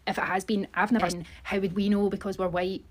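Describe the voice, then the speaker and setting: A woman's voice: mid-range voice, flat delivery, fairly quick. A woman with a Scottish accent speaking firmly and matter-of-factly to the camera in a social media clip. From Scotland. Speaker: TikTok creator. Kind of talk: casual social media video.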